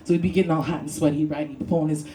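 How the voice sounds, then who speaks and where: A woman's voice: deep voice, fairly even intonation, very fast, dark tone, a little hiss or hum. A woman from Brooklyn doing a stand-up comedy set on a club stage, brash and profane, laughing through her punchlines. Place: comedy club with live audience.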